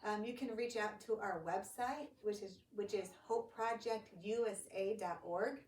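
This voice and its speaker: In casual conversation, a guest who directs a ministry recounts a story at medium pitch and moderate speed, animatedly acting out what others said. The recording comes from a church studio or room, with echo, a distant mic, and faint hiss.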